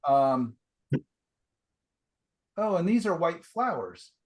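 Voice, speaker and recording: A man leads a painting class by video call, offering chatty, enthusiastic, casual feedback sprinkled with fillers. He speaks slowly in a sing-song voice that sits on the high side.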